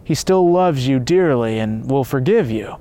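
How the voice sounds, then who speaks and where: A man reading a calm, firm priest. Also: mid-range voice, unhurried, natural voice. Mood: consoling.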